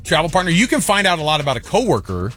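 A married man co-hosting a casual chat show, talking quickly in a joking way with lots of fillers. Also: fairly high pitch, sing-song, a bit bright, soft background music. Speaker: co-host.

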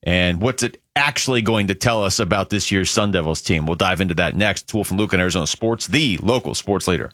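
A man's voice: low-pitched, brisk, hardly any pauses, a bit bright, no echo, clean studio sound. A man co-hosting sports talk radio, reading promos and bantering easily.

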